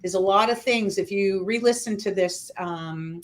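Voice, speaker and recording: A woman hosting a casual interview, asking quick-fire questions and laughing often. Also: mid-range voice. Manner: laughs often, upbeat and chatty. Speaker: host.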